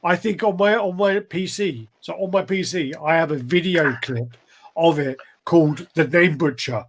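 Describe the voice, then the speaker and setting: The co-host of a casual podcast chat, a man with a slightly high voice, talks at a moderate pace while telling meandering stories and laughing often.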